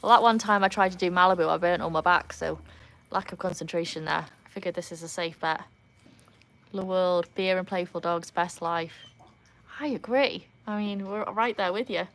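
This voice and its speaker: Streaming live on her phone from beside a backyard pool, a North Welsh woman chats in a lowish, fairly bright voice at normal speed. Her Welsh accent comes through as she laughs a lot and speaks to her dogs.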